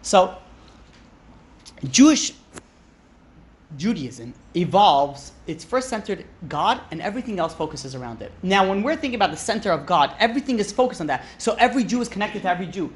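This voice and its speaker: A man's voice: sits high, very animated, brisk. A man, a rabbi, teaching an informal class in a chatty, joking way, often asking "right?" and "you know".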